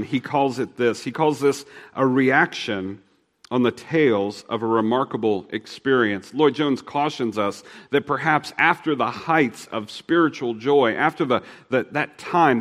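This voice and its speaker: A man's voice: medium pitch, big-room sound. Earnest man preaching a sermon. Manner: earnest, shifts between fast and slow, drops soft for emphasis. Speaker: pastor.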